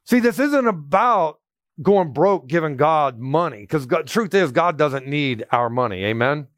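Guy preaching a sermon, high-ish voice, really emphatic, dry close sound. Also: lively intonation, unhurried, no echo. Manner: emphatic preaching, quoting scripture in a raised voice. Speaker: pastor.

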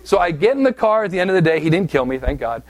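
A man's voice: fairly high pitch, very animated, racing, no echo. A man from southeast Pennsylvania preaching a sermon, telling a personal story in a conversational, self-deprecating way with frequent "right?" asides. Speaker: pastor.

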